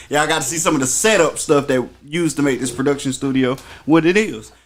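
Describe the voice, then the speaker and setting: A man's voice: a little high, normal speed, a little hiss or hum. A man hosting a casual live talk show, talking in a laid-back way and speaking straight to his audience. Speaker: host. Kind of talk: casual chat.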